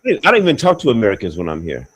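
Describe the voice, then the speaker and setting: Casting: blunt, foul-mouthed man, casual chat, lively pitch swings, lots of restarts. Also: rapid-fire, slightly rough, rough recording. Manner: blunt, profane, rambling with many restarts. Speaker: expat talking on a livestream call. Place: abroad, with faint outdoor sounds behind.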